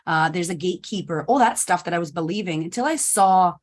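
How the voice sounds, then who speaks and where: A woman guest on a podcast, telling her story in a candid, animated conversational way. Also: lowish voice, fast. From United States. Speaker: podcast guest, confidence coach. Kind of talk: conversational interview.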